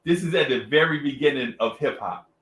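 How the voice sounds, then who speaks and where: A man's voice: medium pitch, fairly quick, reverberant. A man co-hosting a radio show, telling a story in casual slang and acting out other people's lines with animation. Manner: animated, slangy, acts out voices. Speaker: radio co-host. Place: radio studio.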